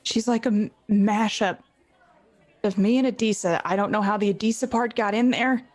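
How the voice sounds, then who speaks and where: A woman's voice: medium pitch, fairly even intonation, moderate pace, a little mellow. A woman playing a tabletop game, speaking in a hesitant, filler-heavy way. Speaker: player. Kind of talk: casual tabletop game talk.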